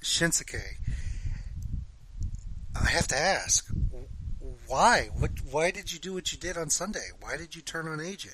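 A man quoting a female TV interviewer pressing a wrestler with rapid questions. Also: fairly high pitch, animated, pushed and bright, rough recording.

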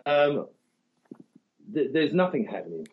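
A man's voice: medium pitch, very animated, measured pace. A man with an English accent co-hosting a casual podcast in a laid-back, sardonic way. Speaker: podcast co-host. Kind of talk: casual chat. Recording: dull lo-fi audio.

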